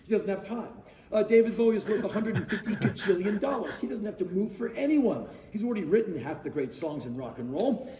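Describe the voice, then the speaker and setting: A man in his sixties telling a casual anecdote in an animated, emphatic way, acting out the dialogue. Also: high voice, a little fast, slight background noise. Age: 60s. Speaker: storyteller guest. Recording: roomy sound, distant mic.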